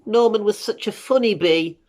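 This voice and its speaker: A woman voicing a crowd of tiny, excitable worker bees in a read-aloud picture book, squeaky and flustered. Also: moderate pace, natural voice. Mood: chattering.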